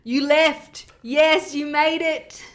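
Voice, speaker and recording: A woman voicing a grand, devoted placenta in a loud, solemn, proclaiming voice. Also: high voice, steady tone, slow pace, pitched above the performer's own voice. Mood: proud.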